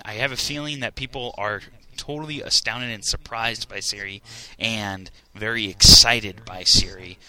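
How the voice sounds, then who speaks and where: A young man in casual chat, telling stories excitedly and laughing often. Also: fairly low pitch, poor audio.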